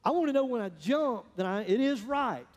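A pastor preaching a sermon, telling stories in a folksy way, swinging between loud bursts and hushed asides. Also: male voice, extremely high pitch, lively intonation, a little fast, lo-fi sound. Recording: echoey hall, long reverb.

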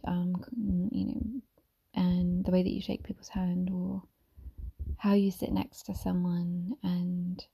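A woman speaks in a soft-spoken ASMR manner, often dropping to a whisper. Her tone is mellow and dark, with plenty of gravelly vocal fry. She meanders gently, with frequent ums and restarts. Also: lowish voice. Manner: meandering, with many fillers and restarts. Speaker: mother sharing reflections.

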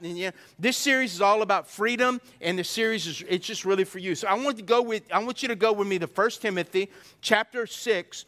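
A man's voice: high-pitched, a little fast, pushed and bright, long reverb tail. A man preaching a sermon in church, folksy and repetitive, often calling for the congregation to respond. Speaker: pastor. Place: church sanctuary.

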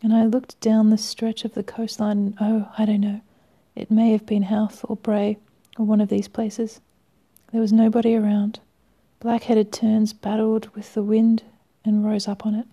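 Gravelly woman reading a wry story. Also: medium pitch, completely flat delivery, dull audio. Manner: wry, measured, dropping to a hush at times. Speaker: reader. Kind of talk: first-person story reading.

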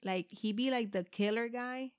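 Animated Puerto Rican woman telling stories. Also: a little high, moderate pace. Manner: animated storytelling, acts out kids' voices, swears freely, mixes Spanish. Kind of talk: casual chat.

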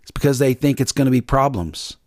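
A man's voice: mid-range voice, animated, fairly quick, darkish tone, dry recording, clean studio sound. A middle-aged man, preaching an earnest, repetitive devotional sermon on his podcast and acting out panicked voices. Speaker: pastor podcast host.

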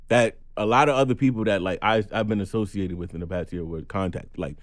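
A man's voice: lowish voice, fast talker, few pauses, no echo, studio quality. A man co-hosting a podcast, venting bluntly and profanely, his voice climbing when he gets angry. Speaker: podcast co-host. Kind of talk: casual podcast chat.

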